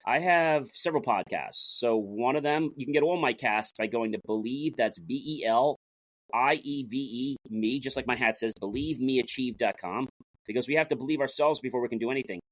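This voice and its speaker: Guesting in a casual interview, a man tells stories with lots of energy, playing out the dialogue and frequently starting sentences over. His mid-range voice moves a little fast, with no echo.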